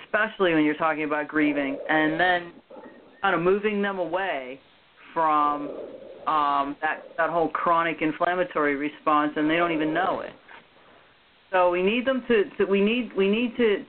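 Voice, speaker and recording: A woman hosting a panel discussion, talking haltingly with many restarts and ums. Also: deep voice, a little hiss or hum. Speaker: host. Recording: tinny phone-like line.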